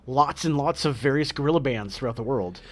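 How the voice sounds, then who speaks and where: A man co-hosting a podcast in casual chat, relaxed and agreeable. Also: mid-range voice, brisk. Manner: relaxed, agreeing, lots of fillers. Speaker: podcast co-host.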